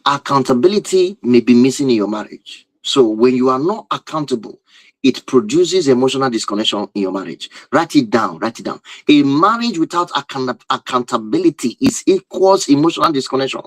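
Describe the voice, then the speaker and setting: A man's voice: medium pitch, animated, a little fast, no room sound, rough recording. A man speaking as a relationship teacher who addresses his viewers in an emphatic, repetitive lecture and often asks rhetorical questions. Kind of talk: lecture-style talk to viewers.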